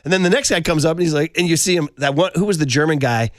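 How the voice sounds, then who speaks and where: A man's voice: a little high, rapid-fire, no echo. A middle-aged man hosting sports talk radio in a studio, telling stories with lots of fillers. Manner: animated storytelling, frequent fillers.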